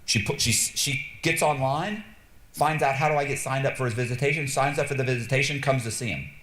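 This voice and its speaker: A man streaming a casual story, animated and blunt, swearing freely and acting out the dialogue. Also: mid-range voice, fairly quick, reverberant. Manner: animated, acts out quoted dialogue, frequent restarts. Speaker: streamer telling stories.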